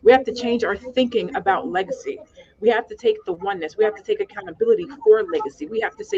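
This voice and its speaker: A woman's voice: medium pitch, fast, warm tone, lo-fi sound. A woman hosting a panel discussion, speaking earnestly and emphatically, with repeated calls to action. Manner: earnest, emphatic, repetitive exhortations. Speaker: podcast host.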